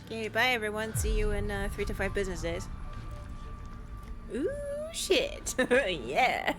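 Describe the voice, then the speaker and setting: A woman's voice: mid-range voice, measured pace, over music. A woman streamer chatting and joking as she gives casual gameplay commentary. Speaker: let's play streamer.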